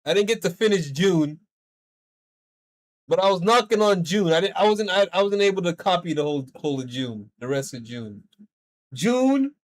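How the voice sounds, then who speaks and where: A man's voice: high-pitched, lively intonation, moderate pace. A man streaming a game and chatting casually, venting in a rambling, profane way. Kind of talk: casual livestream chat while gaming.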